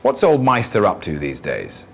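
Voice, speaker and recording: A man's voice: low-pitched, sing-song, measured pace, creaky, soft background music, heavily acted. A man voicing a wealthy older Englishman who speaks in a lazy, upper-class slur and clipped phrases. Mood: lazy, drawling. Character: lazy, rich older Englishman, drawling arms dealer.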